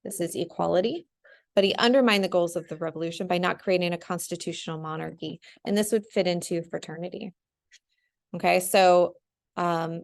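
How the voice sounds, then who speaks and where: Young woman teacher, chatty screen-share walkthrough, low and gravelly. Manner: chatty, full of ums and "right?". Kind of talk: casual screen-share lesson.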